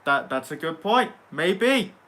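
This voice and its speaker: Young male streamer, bright tone, sarcastic casual banter with chat. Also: medium pitch, expressive, normal speed. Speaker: livestream host reading chat.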